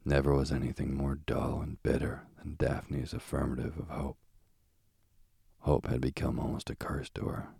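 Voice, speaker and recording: A man narrating a literary audiobook in a measured, solemn reading. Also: a bass voice, level tone, vocal fry, dark tone, slightly rough, no room sound, studio quality.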